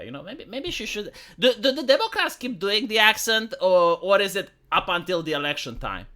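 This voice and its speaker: Bright, lively streamer. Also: mid-range voice, normal speed, few pauses. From Romania. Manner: rambling and sarcastic, heavy on fillers. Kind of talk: casual commentary vlog.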